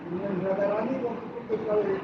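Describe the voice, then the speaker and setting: Male participant, halting and broken, heard off-mic with dull noisy sound. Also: high voice, very animated. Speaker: class participant. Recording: distant, dull and noisy in an echoey room.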